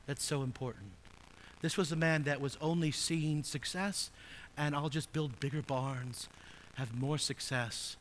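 A pastor preaching a sermon, swinging from hushed, low asides to loud, emphatic readings of scripture. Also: male voice, long reverb tail, a little hiss or hum. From United States.

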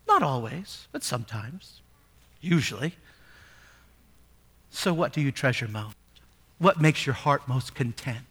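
A man's voice: medium pitch, sing-song, a little slow, long pauses, a bit bright, husky. A male pastor preaching a sermon, reading scripture aloud and asking the congregation rhetorical questions, rising to emphatic peaks.

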